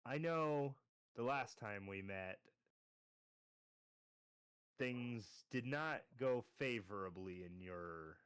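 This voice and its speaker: A man voicing a smug, scheming male dragon who speaks slowly and deliberately in a tabletop game. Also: mid-range voice, animated, fairly bright tone, clean tone, no echo, clean studio sound. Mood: smug, menacing. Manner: slow, deliberate, turns sing-songy when taunting.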